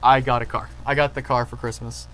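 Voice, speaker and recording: A man casually telling stories to camera, excitable and rambling, with lots of fillers and restarts. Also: medium pitch, a little fast, a little hiss or hum, poor audio. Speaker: channel host.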